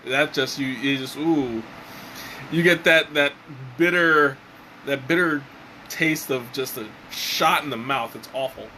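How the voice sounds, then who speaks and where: A man casually reviewing a tea on a live stream, halting with many fillers and restarts. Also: medium pitch, sharp tone, slight background noise, rough recording. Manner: hesitant, many fillers and restarts, chuckles often.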